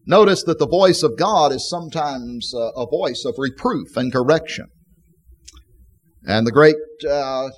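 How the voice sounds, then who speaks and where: A man preaching an expository sermon in a mid-range voice. He reads scripture aloud with strong emphasis and then explains it to the congregation. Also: mid-range voice.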